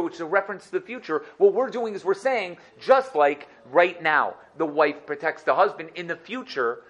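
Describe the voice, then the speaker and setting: Man, Torah teacher, rapid speech, fairly high voice, animated. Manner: animated, acts out dialogue. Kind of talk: lively Torah lesson.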